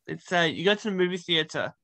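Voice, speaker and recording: A woman hosting a casual game-style interview, bubbly and teasing and quick to giggle. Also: fairly low pitch, a bit bright, no room sound. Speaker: interview host.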